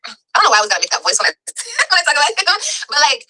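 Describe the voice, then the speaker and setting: A woman's voice: high voice, huge pitch swings, racing, pushed and bright, poor audio. A woman in a casual chat, telling her story with slang, cursing and laughing asides. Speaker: guest in a played clip.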